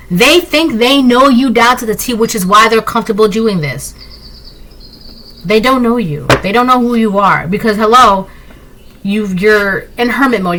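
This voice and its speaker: A woman's voice: on the high side, fairly bright tone, rough recording. A woman doing a casual tarot reading, talking emphatically and often tagging lines with "right?". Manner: emphatic, repetitive, rhetorical "right?" asides. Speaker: tarot reader.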